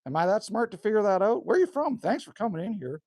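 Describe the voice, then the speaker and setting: A middle-aged Canadian man with a folksy, chatty delivery, tacking on "hey?" and "man" as he talks with his live chat. His voice sits a bit high and swings widely in pitch, a little hoarse, and the sound is close and dry with no room echo. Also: big pitch swings, fast talker, a little mellow. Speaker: livestream host reading chat. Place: rural cabin indoors.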